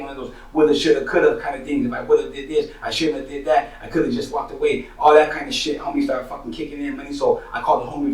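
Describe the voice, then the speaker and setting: A man rattles off a street story at a quick clip, cursing freely and dropping slang fillers every few words. His voice sounds roomy and a little distant, as if the mic sits some way off in an echoing room. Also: mid-range voice, darkish tone. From San Jose, Northern California. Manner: profane, slangy, sprinkles "money" and "you know what I'm saying". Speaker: rapper telling his own stories.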